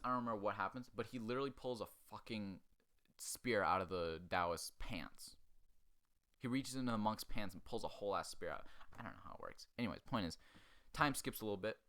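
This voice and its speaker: A man's voice: on the low side, fairly bright tone. Crude, sarcastic man recapping a film. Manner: crude, sarcastic, acts out characters in quick asides. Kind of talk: profane comedic movie recap.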